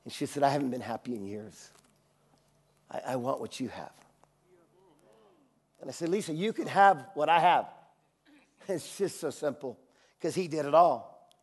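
A man preaching a sermon, telling a personal anecdote with acted-out voices, laughing often and dropping to a quiet, intimate tone for serious moments. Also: moderate pace, long pauses, breathy edge. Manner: drops to a quiet, low, intimate tone for serious parts. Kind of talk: sermon storytelling.

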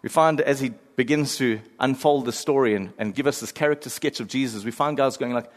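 A man preaching a sermon, animated and storytelling, acting out the voices of people he quotes. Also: medium pitch, a little fast, hardly any pauses. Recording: long hall reverb.

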